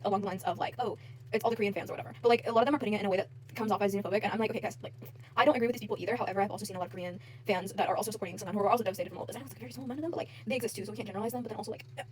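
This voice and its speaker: A woman's voice: mid-range voice, slight background noise. A woman vlogger in a casual rant to camera, heated and frustrated, with lots of fillers and swearing.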